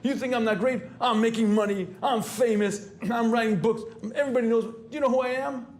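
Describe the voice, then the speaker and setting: A swaggering, self-important man who brags and demands to be recognized, his voice pushed up high and loud, as a preacher puts him on in a sermon. He sounds indignant, as if insulted that anyone could doubt his greatness. There is a light hum of noise behind him. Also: steady tone, brisk. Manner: indignant bragging, voice climbing high.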